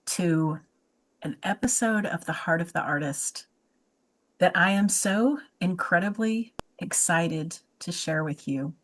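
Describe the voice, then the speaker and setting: A woman's voice: fairly low pitch, slow pace, a bit bright, rough recording. A woman hosting an interview show, talking in an effusive, chatty way with frequent restarts. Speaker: podcast host. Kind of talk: casual interview chat.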